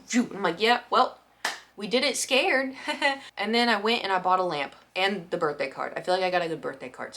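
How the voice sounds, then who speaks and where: A woman's voice: mid-range voice, a bit bright. A young woman vlogger recounting a story to her camera in a loose, rambling way. She sounds anxious and self-deprecating, stumbling over restarts as she talks it through. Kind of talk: casual storytime monologue.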